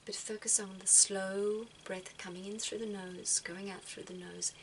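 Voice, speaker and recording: Woman, soft-spoken, reflective advice, middle pitch, faint hiss behind. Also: little pitch movement, a little slow, poor audio. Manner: soft-spoken, repeats words as she thinks. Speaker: spiritual vlogger giving advice. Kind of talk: gentle reflective talk.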